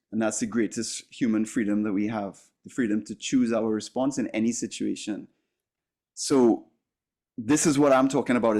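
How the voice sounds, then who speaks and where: A man's voice: medium pitch, a little mellow. A man coaching a class, speaking in an earnest, emphatic way with frequent fillers and restarts. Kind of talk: teaching a masterclass.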